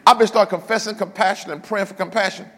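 An older pastor with a high, ringing voice preaches a sermon in a long-echoing hall. He swings between loud, emphatic lines and hushed ones, and drops in humorous asides to the congregation. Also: steady tone, quick pace. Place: church.

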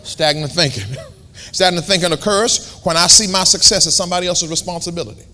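Brief: male pastor mid-sermon, bright, forceful tone, colloquial, repeats phrases, calls out to the congregation in a church. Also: high voice, fairly even intonation, a little fast. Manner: repetitive, colloquial, emphatic preaching. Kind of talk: sermon with call and response. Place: church sanctuary.

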